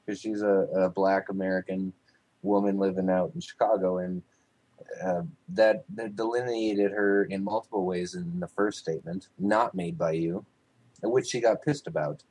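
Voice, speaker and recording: A man's voice: low voice, steady tone, normal speed, a little mellow, low-quality recording. A man in casual chat, rambling with lots of fillers and frequent swearing.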